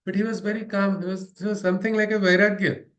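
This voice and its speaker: A spiritual study-circle leader with an Indian English accent reads spiritual letters aloud and explains them conversationally, often finishing on a tag question. His voice is high and a bit bright with little pitch movement, and he talks fast.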